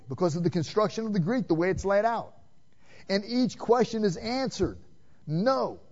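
A man preaching a sermon, asking the congregation questions and swinging between loud emphatic calls and hushed, quiet passages. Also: high-pitched. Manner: direct, addresses listeners with "man" and rhetorical questions. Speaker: pastor. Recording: dull lo-fi sermon recording.

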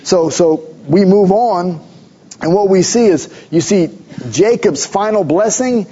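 A man's voice: high voice, a little slow, dark tone, breathy edge, muffled recording. A middle-aged man preaching a sermon, mixing conversational storytelling with emphatic exhortations. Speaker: pastor.

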